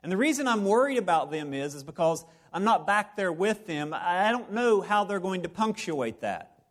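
High-voiced man preaching playfully. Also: very animated, moderate pace. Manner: playful, repetitive, conversational preaching. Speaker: pastor. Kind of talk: sermon. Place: church service before a live congregation.

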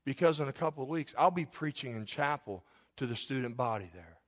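Animated middle-aged male preacher. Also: medium pitch, brisk. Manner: animated, conversational preaching with rhetorical questions; confessional, candid storytelling. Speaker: pastor. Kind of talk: sermon.

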